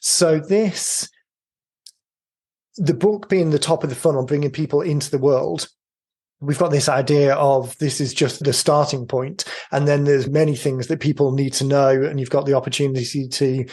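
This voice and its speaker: Podcast host, male, slightly high voice, long meandering questions. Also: steady tone, normal speed, darkish tone. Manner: rambling, thinks aloud. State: voice going hoarse. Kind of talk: casual interview.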